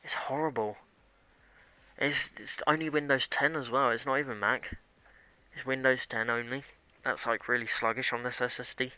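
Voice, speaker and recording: A man's voice: mid-range voice, fairly even intonation, normal speed, bright, forceful tone, clean tone, no room sound. A young man chatting casually and rambling as he streams a game, grumbling at it along the way. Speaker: live streamer.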